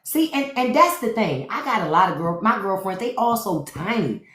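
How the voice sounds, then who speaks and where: A woman with a deep voice hosting a live stream, telling unfiltered comedic stories, swearing freely and acting out the voices of the people in them. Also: normal speed, reverberant. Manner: profane, animated, acts out other people's voices. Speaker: podcast host on a live stream. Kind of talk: unfiltered comedic storytelling monologue.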